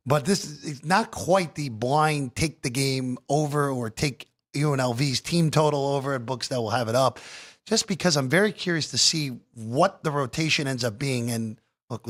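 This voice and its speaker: A man's voice: mid-range voice, a bit bright. A man hosting a sports betting talk show from a studio, chatty and joking with guests, heavy on fillers. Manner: chatty, fillers, jokey banter.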